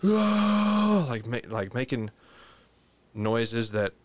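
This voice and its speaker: A man's voice: fairly low pitch, fairly even intonation, brisk, smooth, no echo. A young adult man telling a rambling, profane anecdote in casual chat.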